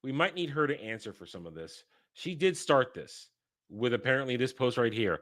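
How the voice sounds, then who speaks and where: A man's voice: mid-range voice, big pitch swings, a little fast, bright, forceful tone. A man from New York doing casual stream commentary, ranting with mock outrage and plenty of swearing. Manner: profane, mock-indignant ranting. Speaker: streamer reacting to clips.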